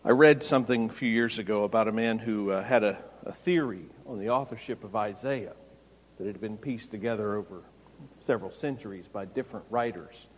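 A man preaching an expository sermon, rising to loud, emphatic peaks. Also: fairly low pitch, a little fast. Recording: long hall reverb.

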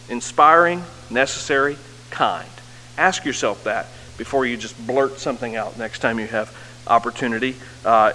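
A man's voice: medium pitch, a bit bright. A male pastor preaching earnestly, building to emphatic peaks, through an amplified mic in a church hall. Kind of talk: sermon. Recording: long hall reverb with faint hum.

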